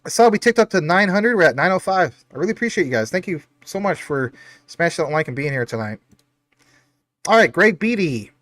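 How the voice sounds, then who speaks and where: A man's voice: high-pitched, very animated, a little fast, fairly bright tone, no room sound. A man hosting a casual livestream, reading out chat comments in an upbeat, chatty, jokey way. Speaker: livestream host.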